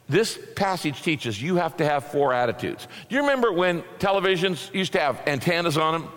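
A middle-aged pastor preaching a sermon in a folksy, conversational way. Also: male voice, high voice, fairly bright tone. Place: church sanctuary. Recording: long reverb of a large hall.

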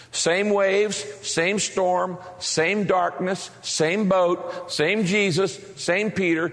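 A man preaching a sermon as a pastor, animated, acting out the voices he quotes. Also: high-pitched. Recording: long reverb of a large hall.

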